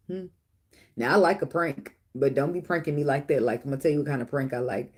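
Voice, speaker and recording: A woman's voice: rumbling low, normal speed, darkish tone, husky. A middle-aged woman hosting a casual chat with viewers. She tells blunt, profane stories and laughs often. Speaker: tarot reader and channel host.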